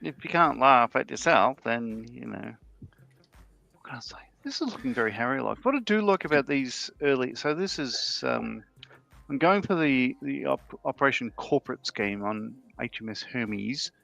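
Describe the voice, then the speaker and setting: A man hosting a live panel, chatting casually in a rambling way that trails off softly. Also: medium pitch, expressive, moderate pace, gravelly. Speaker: panel host building a scale model. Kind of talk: casual chat. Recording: dull lo-fi sound with faint music.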